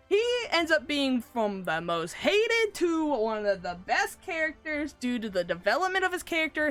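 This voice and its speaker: A woman's fairly high, slightly bright voice carries her lively, casual stream chat about a game, peppered with swearing and laughter. Game music plays faintly in the background.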